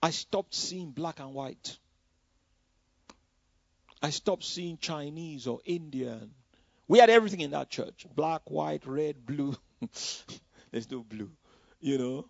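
A man with a fairly high, gravelly voice recounts his testimony from the pulpit. He talks in a loose, storytelling way and keeps dropping "you know" into his sentences. The recording is dry and dull. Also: expressive, slow, long pauses, darkish tone, no echo. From Nigeria. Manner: conversational storytelling, full of "you know" asides. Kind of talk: personal testimony in a sermon.

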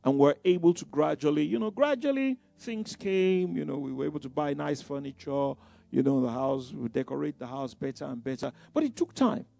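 A man's voice: fairly high pitch, lively intonation, fairly quick, gravelly, warm tone, no room sound. A middle-aged man preaching a sermon in a conversational way, with many asides and repeated phrases.

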